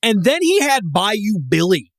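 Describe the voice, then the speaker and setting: A man co-hosting a podcast in relaxed, casual chat. His pitch swings around with animation, and he rambles with plenty of restarts. The sound is dry and close to the mic. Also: unhurried, dry recording. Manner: rambling, laughing, swearing, many restarts. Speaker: podcast co-host.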